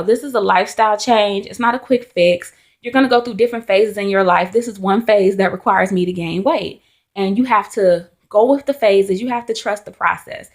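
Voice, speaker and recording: A young adult woman vlogging in casual chat to camera, telling stories in a chatty, animated way with candid asides. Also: mid-range voice.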